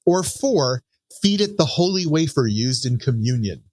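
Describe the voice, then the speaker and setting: A man's voice: mid-range voice, very animated, moderate pace, darkish tone, dry recording. A man co-hosting a podcast, playfully running a trivia game and reading out numbered options. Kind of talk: casual podcast chat.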